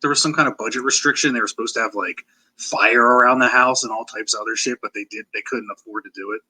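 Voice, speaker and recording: Fast-talking man with a bright, husky voice. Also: mid-range voice, steady tone, rough recording. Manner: laid-back, swears casually. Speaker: podcast guest. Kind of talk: casual chat.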